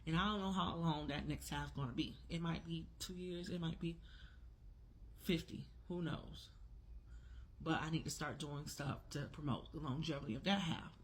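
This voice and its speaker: A woman's voice: low voice, moderate pace, slight background noise. A woman in her forties speaking in a casual opinion vlog, talking emphatically and repeating her key words. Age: 40s. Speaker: vlogger.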